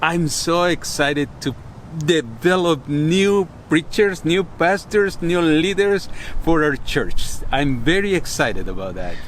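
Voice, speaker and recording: Slow, lively high-voiced man. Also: slight background noise. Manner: friendly, earnest. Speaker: professor.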